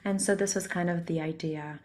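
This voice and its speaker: A woman singer with a hoarse voice from a cold, speaking softly with many pauses in a casual interview. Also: lowish voice, fairly even intonation. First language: Russian. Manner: soft-spoken, many ums and pauses. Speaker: singer and musician, interview guest.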